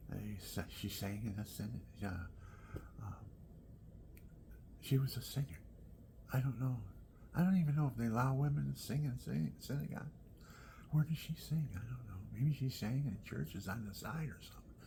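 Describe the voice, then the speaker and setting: A man telling rambling personal stories at home, often dropping into soft whispered asides. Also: lowish voice, slight background noise.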